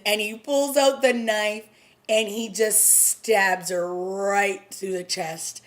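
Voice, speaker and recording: A woman talks to her viewers in a casual review vlog, pitched in an ordinary middle range. She gushes with a breathless edge and trips over restarts. She retells each scene in animated detail. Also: slow. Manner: gushing and breathless, stumbling restarts. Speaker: TV episode reviewer.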